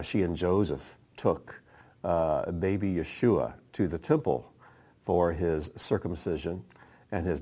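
A man preaching a sermon, teaching at an unhurried pace and reading scripture aloud between his explanations. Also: low-pitched, darkish tone. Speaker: pastor.

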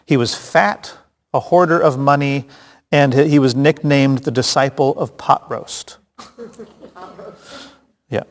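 A man's voice: mid-range voice, steady tone, takes it slowly, long pauses. A man teaching a casual Bible study, chatty and joking, with frequent restarts and asides. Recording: long hall reverb.

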